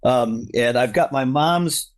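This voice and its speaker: A man's voice: mid-range voice, slow pace. Upbeat middle-aged man, grateful guest. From United States. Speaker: podcast guest. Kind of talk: casual conversation.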